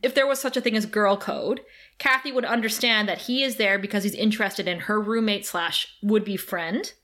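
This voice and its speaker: A woman's voice: medium pitch, fairly even intonation, moderate pace, a bit bright. A woman co-hosting a podcast, chatting casually through an episode recap, laughing often and acting out lines. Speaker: podcast co-host.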